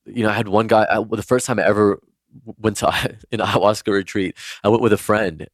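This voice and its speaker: A man with a very deep voice, recorded dry and close, tells stories as a podcast guest. He rambles casually and leans on "like" over and over. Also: steady tone, fairly quick, no echo. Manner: rambling, heavy use of "like". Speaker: podcast guest, spiritual healer. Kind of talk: casual storytelling.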